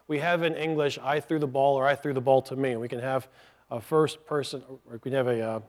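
A man preaching a sermon in an earnest, teaching manner. His voice sits at an everyday middle pitch. He explains things step by step, often breaking off for small asides. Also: fairly even intonation, fairly quick, a little mellow. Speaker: pastor.

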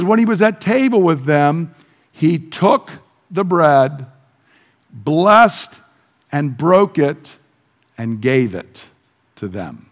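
A man teaching a sermon who explains the text step by step and briefly acts out the quoted dialogue. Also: fairly high pitch. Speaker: pastor. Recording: long hall reverb.

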